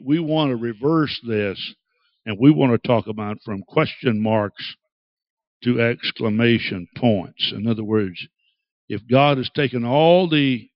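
A man preaching a sermon, dramatic and acting out quoted voices with big swings in pitch. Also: a little slow, no echo, muffled recording. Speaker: pastor.

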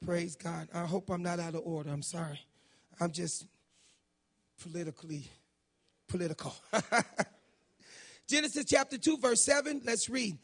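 A man with a raspy voice preaching a folksy, emphatic sermon in a church, reading scripture and praying aloud. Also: high-pitched, unhurried, long pauses. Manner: folksy, emphatic, builds to shouting in prayer. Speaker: guest preacher.

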